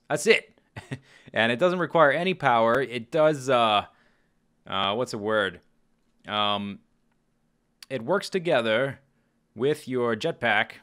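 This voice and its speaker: A man giving chatty, casual commentary over his own gameplay, often exclaiming and chuckling as he plays. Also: mid-range voice. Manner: chatty, animated, exclaims and laughs at the game. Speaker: Let's Play host.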